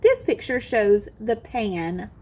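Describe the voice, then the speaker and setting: Slow, sing-song kindergarten teacher woman. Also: medium pitch, big pitch swings, warm tone, a little hiss or hum. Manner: drawn-out, exaggerated sounding out of words, sing-song encouragement. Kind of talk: slow, careful phonics lesson for young children.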